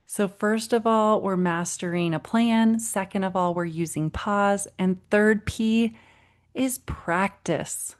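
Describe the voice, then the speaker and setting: A woman's voice: medium pitch, takes it slowly. A woman parenting coach hosting a solo podcast episode, speaking in an encouraging, friendly way and acting out quoted lines. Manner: warm, encouraging, acts out quotes with animated voices.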